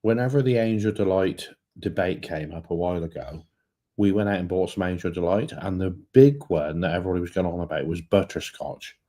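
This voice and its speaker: Jokey man with a lowish voice. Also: a little fast, warm tone. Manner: jokey, enthusiastic banter. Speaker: co-host of a travel channel live stream. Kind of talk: casual live-stream chat.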